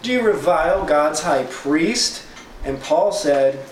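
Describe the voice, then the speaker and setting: A man's voice: a little high, animated, takes it slowly. A man teaching a casual Bible study, reading verses aloud and then paraphrasing them in plain, chatty terms. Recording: roomy echo, distant mic, faint noise.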